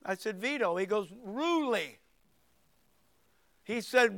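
A man in his sixties preaching, with a very high, smooth and clear voice. He tells a folksy story and acts out the voices in it, then builds into forceful preaching. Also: lively intonation, slow, long pauses. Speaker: pastor. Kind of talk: sermon with storytelling.

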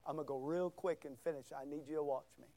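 An older man in his sixties preaching a sermon, swinging from loud shouts down to near-whispers and repeating words for emphasis. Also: a little high, steady tone, fast talker, dry recording. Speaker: pastor.

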